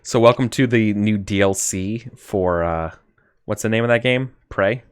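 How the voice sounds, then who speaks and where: Low-voiced man running a tabletop game. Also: clear, resonant tone, no echo, clean studio sound. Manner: casual, rambling, quick apologies and self-corrections. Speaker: game master.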